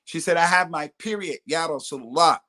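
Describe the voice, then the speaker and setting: Man giving religious guidance, slightly high. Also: sharp tone. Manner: explanatory, recites Arabic quotations quickly. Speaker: Islamic scholar answering questions.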